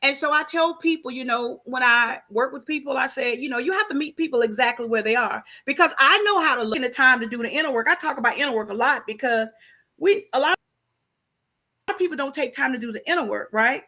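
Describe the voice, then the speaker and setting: High-pitched woman with a forceful edge; emphatic, faith-driven conversational speaker. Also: fast. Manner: emphatic, preachy, repeats rhetorical questions. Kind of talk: casual faith-based conversation.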